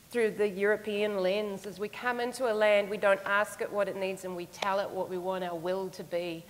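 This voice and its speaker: A woman's voice: medium pitch, slight background noise. Earnest woman speaker in an echoey hall. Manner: earnest, reflective, with laughter. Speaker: conference speaker. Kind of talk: storytelling keynote talk.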